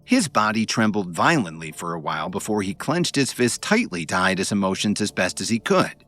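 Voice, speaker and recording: A man reading a web novel aloud as an audiobook, telling it in a dramatic, expressive way. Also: on the low side, a little fast, faint music behind. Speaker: narrator.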